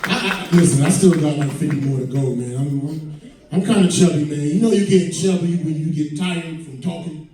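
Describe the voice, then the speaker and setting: A stand-up comedian from Hartford, Connecticut, joking loosely with the crowd, singing snatches of songs and sounding out of breath. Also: male voice, on the high side, normal speed, dark tone. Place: comedy club stage. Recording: echoey club from far off.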